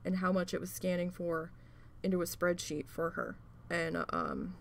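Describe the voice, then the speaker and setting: A woman chatting through a long work story while crafting, rambling and swearing, with plenty of fillers and quick bursts of acted-out dialogue. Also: lowish voice, fairly even intonation. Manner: rambling, profane, with many fillers; acts out quoted voices in bursts. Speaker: craft vlogger.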